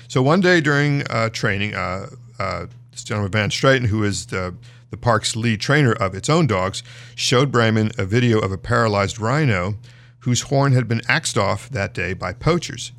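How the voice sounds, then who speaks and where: A man's voice: fairly low pitch, normal speed, fairly bright tone. A man hosting a news show, reading stories aloud in a casual, conversational way with frequent fillers and restarts.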